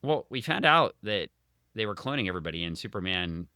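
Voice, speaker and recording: A man co-hosting a casual comic book podcast, animated and dryly sarcastic. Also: on the low side, a little fast, clean tone, dry recording, studio quality. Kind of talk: casual chat.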